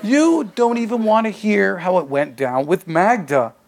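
A man's voice: sits high, a little slow, gravelly. Man reading his story, streetwise and casual. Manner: conversational, streetwise first-person delivery. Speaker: author reading his own fiction. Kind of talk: live reading of a short story.

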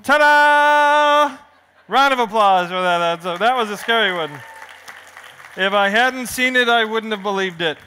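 A man's voice: high-pitched, normal speed, bright, forceful tone, slight background noise. A man reading his picture book aloud on a festival stage, joking with the family audience like a showman. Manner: playful, showman-like banter with the crowd. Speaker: children's author.

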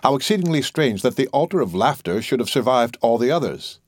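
A man's voice: mid-range voice, big pitch swings, brisk, no room sound, clean studio sound. A man doing a flamboyant, eccentric rich host. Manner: flamboyant, laughing, musing. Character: eccentric wealthy male host, theatrical and mercurial.

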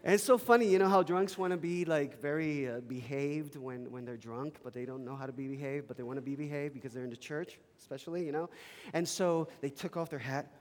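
A pastor whose first language is Spanish, telling an animated, emphatic story during a sermon in a chapel. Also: male voice, a little high, a little fast. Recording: long reverb in a chapel.

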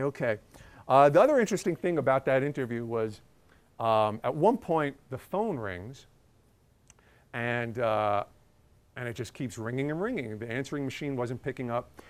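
A man, a journalist, telling a casual anecdote in a chatty way, with many ums and uhs. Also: mid-range voice.

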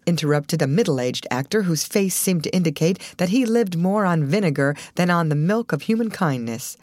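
A woman narrating an old adventure novel in an expressive, varied reading voice. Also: on the low side, normal speed, few pauses, no echo, studio quality. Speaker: audiobook narrator. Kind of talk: storybook narration.

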